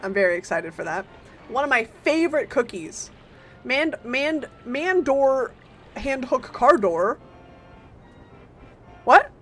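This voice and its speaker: An excitable woman streams a game and keeps up a playful chatter with her viewers. Her voice sits a bit high and leaps up and down as she teases them, and soft music plays underneath. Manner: playful and excitable, greeting chat, quick bursts of teasing. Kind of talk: casual live-stream chat with viewers.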